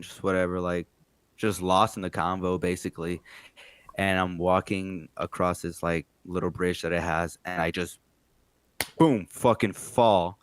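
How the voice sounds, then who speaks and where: A young man with a lowish, smooth, clean voice, rambling through a story in casual podcast chat. He swears freely and leans on fillers, recorded close and dry. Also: fairly bright tone, no room sound. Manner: loose, profane storytelling, full of fillers. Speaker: podcast co-host.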